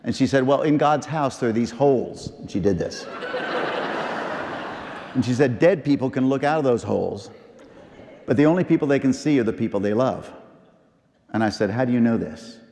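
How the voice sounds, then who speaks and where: Middle-aged male pastor, memorial sermon, emphatic pauses, mellow tone, big church echo. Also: mid-range voice, a little hiss or hum. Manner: storytelling, repeats phrases, slow emphatic pauses. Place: large church. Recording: long church reverb.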